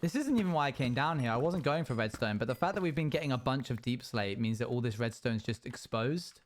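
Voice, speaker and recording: A man's voice: mid-range voice, lively intonation, a little fast, a little hiss or hum. A young man streaming a game, chatting casually and playfully with his viewers and laughing often. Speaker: livestreamer. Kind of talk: casual gaming stream chat.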